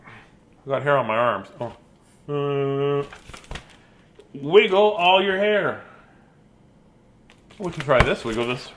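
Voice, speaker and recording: A man's voice: a little high, slight background noise. A middle-aged man reading picture books aloud as a bedtime story, in a goofy, chatty way with sing-song noises and silly asides. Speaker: storybook reader.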